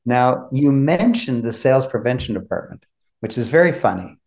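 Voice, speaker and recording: A man hosting a podcast, telling a story in a measured, descriptive way. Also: medium pitch, very animated, a little mellow. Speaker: podcast host. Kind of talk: conversational storytelling.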